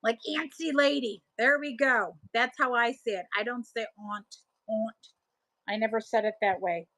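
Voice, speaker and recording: Speaking at normal speed in a fairly high, slightly bright voice, this livestream seller host reads out viewer comments and responds in a chatty way. She is middle-aged, has a Buffalo, New York accent, and tends to ramble, trail off, and start sentences over. The audio is low-quality with no echo.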